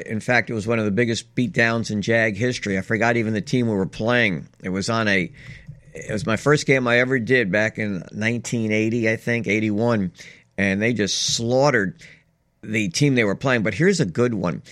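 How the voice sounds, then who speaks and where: A man's voice: fairly low pitch, normal speed, fairly bright tone. An older man co-hosting a sports radio show, telling long rambling anecdotes in casual chat. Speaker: sports radio co-host and former broadcaster.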